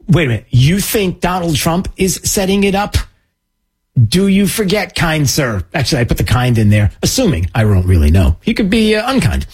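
A man's voice: fairly high pitch, slightly rough. A man hosting a political commentary show, sarcastic and mocking, with many filler words.

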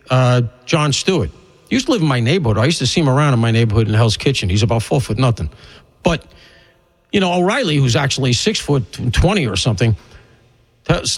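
A man's voice: medium pitch, rough recording. A man hosting a radio talk show, delivering an opinionated, rambling monologue with emphatic punches and wry asides.

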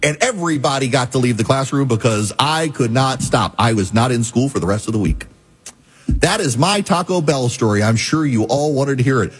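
A middle-aged man with a husky, slightly breathy voice delivers a talk show monologue. He tells his story emphatically and with a wry edge, his pitch sitting in the ordinary middle range for a man. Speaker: talk radio host.

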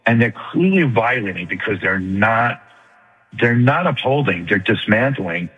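An older retired man with a New York accent, calling in to a radio show and making his point fast and earnestly. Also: on the low side, expressive, husky. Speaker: caller. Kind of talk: call-in radio talk. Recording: tinny phone line with long reverb.

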